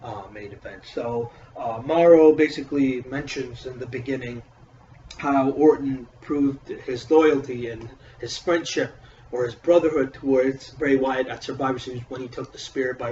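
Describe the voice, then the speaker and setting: A man's voice: mid-range voice, a little mellow, a little hiss or hum. Profane, rambling man reviewing wrestling. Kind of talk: casual solo review. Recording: echoey room, distant mic, dull audio.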